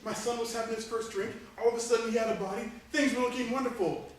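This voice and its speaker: A man's voice: very high-pitched, steady tone, fast talker, pitched above the performer's own voice. A man voicing a bewildered, delighted father in a comic story, in an echoey room heard from a distance. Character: overjoyed father of a talking head.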